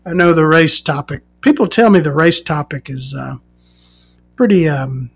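A woman hosting a podcast, ranting casually and swearing, swinging from loud outbursts to muttering. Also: low voice, animated, moderate pace, vocal fry, husky, soft background music. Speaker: podcast host.

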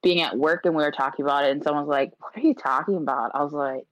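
A woman's voice: low voice, fast, no echo. A woman co-hosting a casual holiday podcast chat, explaining things at length in an amused, chatty way. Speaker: podcast co-host. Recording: dull lo-fi mic.

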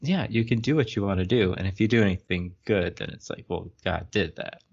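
This low-pitched male co-host talks a little fast, his voice creaky with a breathy edge. Reading a book aloud on a casual podcast, he chuckles at the writing and jokes about it wryly, all captured in muffled lo-fi sound.

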